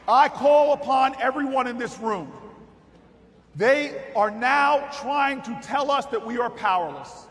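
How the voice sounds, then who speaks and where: A man giving a rousing political speech at a party convention, telling a story and building to shouted, repeated calls. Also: very high voice, unhurried. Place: large convention hall with audience. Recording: echoey hall with crowd noise.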